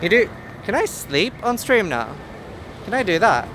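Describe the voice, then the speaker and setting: Young Northern Irish streamer, higher voice, chatty and silly, loud traffic behind. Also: male voice, very animated, moderate pace. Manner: chatty, goofy, rambling. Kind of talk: casual outdoor live stream. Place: outdoors on busy city streets. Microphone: handheld camera filming himself. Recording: street traffic noise behind.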